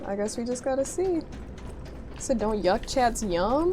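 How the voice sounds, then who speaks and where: A woman's voice: on the high side, very animated, a little slow. A woman streaming a game, chatting casually with viewers, reading their messages aloud and answering with playful mock outrage. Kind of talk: casual gameplay chat with viewers.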